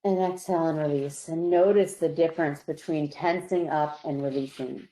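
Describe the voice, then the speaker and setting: Calm woman coaching relaxation, roomy sound. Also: low-pitched. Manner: calm, slow, coaching tone that softens on each release. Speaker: psychologist presenter. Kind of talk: guided relaxation instruction. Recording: roomy echo.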